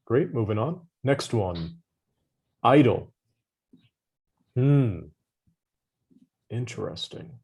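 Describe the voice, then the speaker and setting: A man teaches English vocabulary online, his voice sitting at an ordinary middle pitch. He is patient and encouraging, giving hints and warm praise. The sound comes through a video call. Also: expressive, very slow, creaky, long pauses, husky. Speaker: English tutor.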